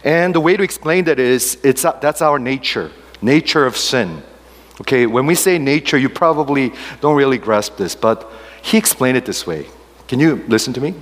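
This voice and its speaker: A man's voice: mid-range voice, lively intonation, normal speed. Man preaching in an echoing hall. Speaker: pastor. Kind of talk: sermon.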